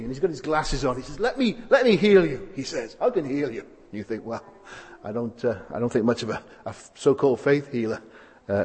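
A man's voice: medium pitch, a little mellow, breathy edge. A man preaching a sermon, asking rhetorical tag questions and repeating phrases for emphasis. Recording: hall with long reverb.

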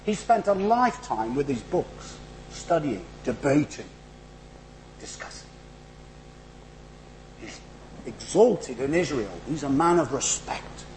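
Northern English male preacher, middle-aged, fairly high voice with lively swings, chatty sermon with emphatic build-ups. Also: takes it slowly, pauses often, slight background noise, low-quality recording. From northern England. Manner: animated, rising to emphatic rhetorical build-ups; conversational, with asides and humour. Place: church.

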